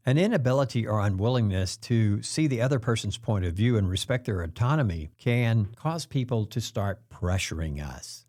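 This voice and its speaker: A man hosts a self-help talk in a calm, explanatory way. His voice is mid-pitched but moves a lot, rising and falling freely. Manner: calm explanatory delivery, acts out quoted pressure lines. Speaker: host.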